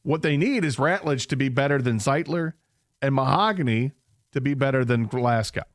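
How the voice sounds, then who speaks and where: A man co-hosting sports talk radio, breaking down football in a measured, analytical way. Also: mid-range voice, no echo, studio quality. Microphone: studio microphone.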